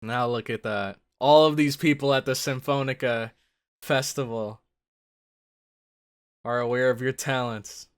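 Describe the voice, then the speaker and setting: A man giving casual reaction commentary, thinking out loud with lots of fillers and breaking into loud excited exclamations. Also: medium pitch, measured pace, pauses often, smooth. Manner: thinks aloud with many fillers. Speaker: anime reaction host.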